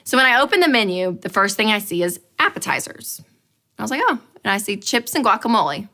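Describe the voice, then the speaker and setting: A woman with a mid-range voice gives a personal finance talk, speaking fast as she tells a lively story with animated expression and frequent laughter.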